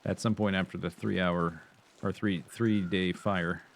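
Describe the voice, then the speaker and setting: A man's voice: deep voice, fairly even intonation, measured pace, creaky, a little hiss or hum. A man streaming a survival game, chatting casually and playfully to himself, sometimes humming nonsense sounds. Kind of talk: casual gameplay commentary.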